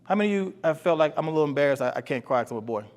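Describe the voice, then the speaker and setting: A man's voice: fairly high pitch, animated, very fast, a little mellow. A man giving an earnest motivational talk to boys, often repeating himself and putting questions to the audience. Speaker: speaker for boys. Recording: long hall reverb.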